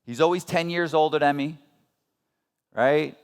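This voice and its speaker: A man's voice: on the high side, unhurried, clean tone. A man in his thirties giving a motivational seminar talk, earnest and conversational, asking the audience rhetorical questions. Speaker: motivational speaker at a business seminar.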